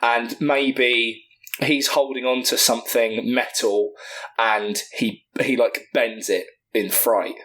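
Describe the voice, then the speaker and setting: A man co-hosting a comedy podcast who casually tells a film pitch, rambling, swearing freely and talking with enthusiasm. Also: fairly even intonation, takes it slowly, pushed and bright.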